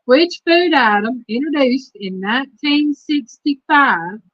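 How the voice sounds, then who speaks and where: A woman with a fairly high voice hosts a relaxed trivia stream and reads each question slowly. The sound is dry and dull, with a lo-fi edge. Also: dry recording. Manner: reads quiz questions slowly and repeats them. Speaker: host. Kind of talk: casual livestream trivia chat.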